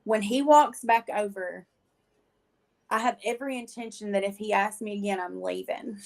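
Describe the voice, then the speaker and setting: A woman, a guest on a talk show, telling her faith testimony in an animated, chatty way with many filler words and frequent laughs. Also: medium pitch, moderate pace, vocal fry, low-quality recording. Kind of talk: animated storytelling.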